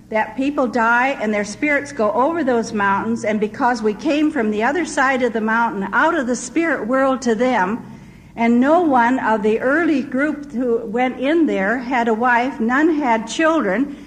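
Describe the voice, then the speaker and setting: A woman's voice: a little high, rough recording. An older woman, a missionary, telling her testimony as a vivid story. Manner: vivid storyteller who acts out quoted voices.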